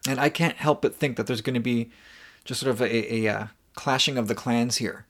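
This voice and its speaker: A man's voice: mid-range voice, normal speed, a bit bright. A man chats as a podcast co-host in a casual, thoughtful way. He muses through his points and often restarts his sentences mid-thought. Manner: thoughtful, musing, frequent restarts. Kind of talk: casual chat.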